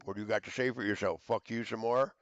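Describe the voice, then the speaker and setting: A man with a low voice rants furiously, cursing and stumbling over fillers as he throws out accusations. The sound is dull and lo-fi, with a dry, close feel and no room echo. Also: fairly even intonation, quick pace. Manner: shouting accusations, stammering fillers, heavy cursing. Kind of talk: angry profane rant to camera.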